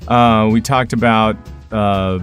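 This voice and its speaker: A gaming podcast host with a fairly low, slightly bright voice and fairly even intonation takes his time reading plugs and chatting loosely. He rambles, uses plenty of fillers and laughs easily, with faint music behind him.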